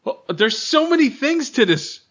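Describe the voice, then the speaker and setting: A podcast co-host in casual chat who swears a lot and jumps to loud exclamations. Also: high voice, big pitch swings, measured pace.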